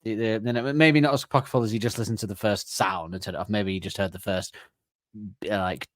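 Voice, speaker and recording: A man's voice: lowish voice, fairly even intonation, quick pace, dry recording, studio quality. Chatty, laughing man podcast host. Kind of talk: casual chat.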